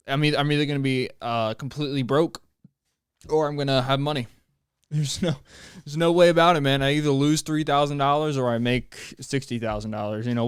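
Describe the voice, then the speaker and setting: A man's voice: mid-range voice, smooth, no echo, clean studio sound. A young man hosting his own podcast, ranting alone in a joking, self-mocking way with many restarts. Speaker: podcast host. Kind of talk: solo rambling rant.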